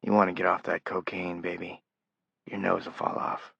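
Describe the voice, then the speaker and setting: A man voicing a weak, bedridden young man who talks softly, half in a whisper. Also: low-pitched, little pitch movement, normal speed, vocal fry, breathy edge, dry recording, full character voice. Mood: gentle, teasing. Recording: dull lo-fi audiobook recording.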